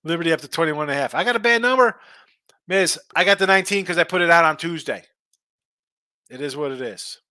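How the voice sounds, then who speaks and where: A man's voice: a little high, lively intonation, fast, pushed and bright, no echo. A middle-aged man hosting a sports betting show, chatting casually and bluntly ranting while reading viewer comments.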